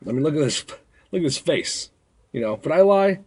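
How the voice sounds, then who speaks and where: A man's voice: a little high, expressive, a little fast, a little mellow, slightly rough. A young man who works as a bar bouncer, telling stories in a blunt, rambling way and acting out drunk patrons. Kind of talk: casual storytelling vlog.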